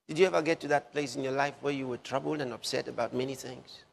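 A man preaching a sermon, slowing down and repeating phrases for emphasis. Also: medium pitch, steady tone, vocal fry, in a large hall, slight background noise. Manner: slow, emphatic repetition of phrases.

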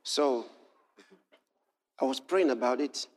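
A man preaching a sermon, telling a personal story and reading scripture, building to impassioned shouts. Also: medium pitch, takes it slowly.

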